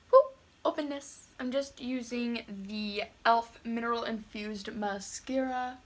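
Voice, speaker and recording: A woman's voice: sits high, fairly bright tone. A woman beauty vlogger talking casually as she does her makeup, chatty and a little self-deprecating. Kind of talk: casual makeup tutorial chat.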